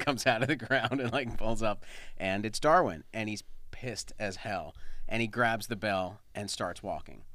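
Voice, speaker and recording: A man casually pitching a comedy script, rambling with lots of ums and likes, often laughing. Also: fairly bright tone, dry recording. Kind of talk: casual brainstorming chat.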